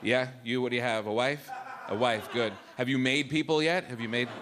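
A middle-aged man performing a live stand-up routine, animated, acting out the voices of his family. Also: mid-range voice, a little fast. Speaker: stand-up comedian. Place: comedy club stage. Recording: live club with audible room noise.

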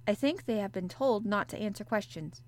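A woman's voice: medium pitch, a little fast, natural voice. A woman voicing a curious, cautious young girl, speaking carefully.

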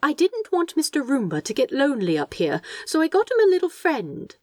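A woman's voice: mid-range voice, big pitch swings, normal speed, dry recording. A woman reading aloud and voicing a fussy, doting male angel who tuts primly and stays unbothered. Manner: prim, tutting, affectionate.

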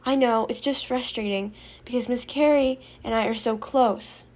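A woman's voice: a little high, normal speed, a little mellow, close to an everyday voice. A woman voicing an earnest teenage schoolgirl who is hard of hearing. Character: teenage girl student, hard of hearing, emotional.

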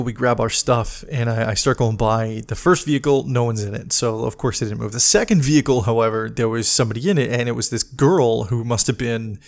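A man ranting in a casual podcast monologue, swearing freely and exasperated, sometimes mocking other people in put-on voices. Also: medium pitch. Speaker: podcast host, medic.

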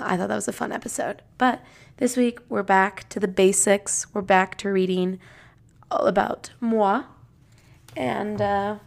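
A woman's voice: mid-range voice, gravelly. A young woman hosting a casual podcast, reading her old diary aloud with playful, giggly asides.

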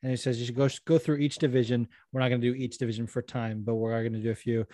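A man's voice: mid-range voice, flat delivery, fast talker, few pauses, warm tone, dry recording. Male podcast co-host, loose and swearing, laughs a lot; dry close sound. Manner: profane, giggly, acts out voices in stories. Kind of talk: casual stoned chat.

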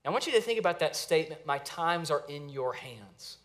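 A man preaching a sermon as a pastor, earnest, slowing down and dropping his voice to stress phrases. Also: fairly high pitch, lively intonation, a bit bright. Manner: earnest, varies pace and volume for emphasis, repeats phrases.

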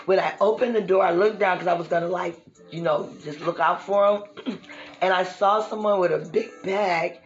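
On the low side and moderately paced, the host's voice comes through lo-fi sound with soft background music. She tells lively stories with laughter and speaks straight to her listeners as y'all.

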